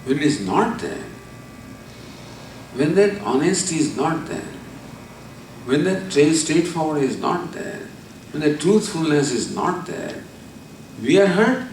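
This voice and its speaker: A man, giving a spiritual discourse. He tells a story and then explains Sanskrit terms slowly, repeating them. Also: a little high, animated, a little mellow. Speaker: spiritual teacher. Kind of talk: discourse on scripture. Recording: echoey hall from far off, faint noise.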